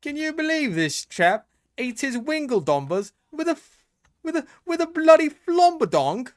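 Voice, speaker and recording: A man's voice: very high voice, very animated, normal speed, pitched above the performer's own voice. A man doing an exaggerated put-on British accent that slides into Australian, voicing a mocking, rowdy bloke. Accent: put-on British drifting Australian.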